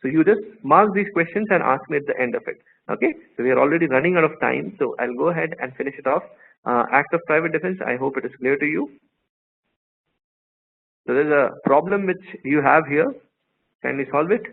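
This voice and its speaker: A man's voice: on the high side, a little fast, vocal fry, slightly rough. A man teaching a law class online, telling playful stories and quizzing his students. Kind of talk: live online class lecture. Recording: tinny phone-like line, faint noise.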